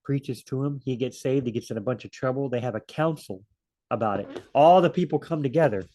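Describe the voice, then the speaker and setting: A man's voice: mid-range voice, fairly quick, warm tone. A man teaching a casual Bible study, rambling, correcting himself and acting out quoted lines. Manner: rambling and self-correcting, acts out quotes in different voices.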